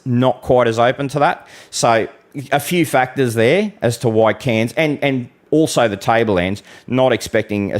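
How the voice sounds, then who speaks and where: An Australian man hosting a live weather stream, talking bluntly and chattily to viewers, calling them mate. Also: lowish voice. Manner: occasional mild swearing. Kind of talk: casual live-stream forecast with audience Q and A.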